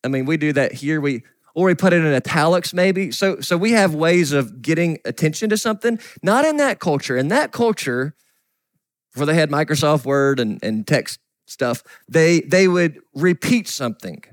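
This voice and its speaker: A middle-aged man preaching a sermon as a pastor, earnest, often sinking to a soft whisper. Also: fairly high pitch, expressive, normal speed, no echo, studio quality. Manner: earnest, drops to soft whispers for quoted grief.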